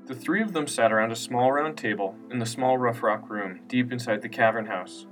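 A man narrating a scripted story in a steady, unhurried reading voice. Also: mid-range voice. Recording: distant mic with faint music.

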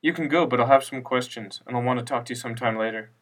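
A man reading a story, voicing a weary, blunt woman detective who asks calm, probing questions. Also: mid-range voice, quick pace, lightly acted. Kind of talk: audiobook character voice. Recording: distant mic with faint music.

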